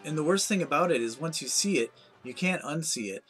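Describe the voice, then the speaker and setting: A man's voice: on the high side, lively intonation, fairly quick, fairly bright tone, husky, soft background music. A man ranting in a comedic vlog monologue, anxious, rambling and self-mocking. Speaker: vlogger.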